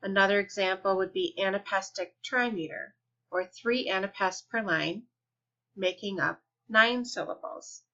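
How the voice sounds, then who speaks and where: A woman teaching a lesson in a patient, deliberate way, slowing down to stretch out example words. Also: mid-range voice, bright, forceful tone. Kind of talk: explanatory lesson. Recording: dull lo-fi recording.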